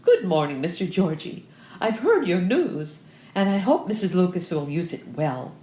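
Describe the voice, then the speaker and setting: A woman's voice: fairly low pitch, sing-song, normal speed, warm tone. A woman reading aloud, voicing a chattering, emphatic older country lady who rambles through digressions. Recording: roomy echo.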